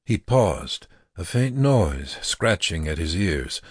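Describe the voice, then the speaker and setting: A man reads a dark tale aloud in a grave, measured way. His voice is very low and unhurried, slightly husky, and sounds close and dry. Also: very animated, no echo. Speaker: narrator. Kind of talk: audiobook narration.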